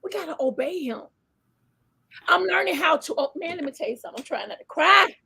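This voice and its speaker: A fervent woman guest preaches with feeling on a faith talk show. Her voice is high, with a gravelly fry at the bottom. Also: expressive, a little fast, pushed and bright. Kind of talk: faith-based conversation.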